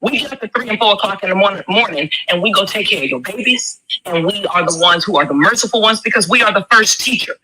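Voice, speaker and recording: A woman's voice: mid-range voice, fast talker, few pauses, a loud crowd, low-quality recording. A woman, talking with emphatic, preachy force and rhetorical questions. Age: 40s. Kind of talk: impassioned commentary.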